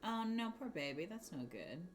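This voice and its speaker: A woman's voice: on the low side, big pitch swings, normal speed, slight background noise. A woman hosting a crafting livestream, chatting casually and rambling while she answers her chat. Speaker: livestream host.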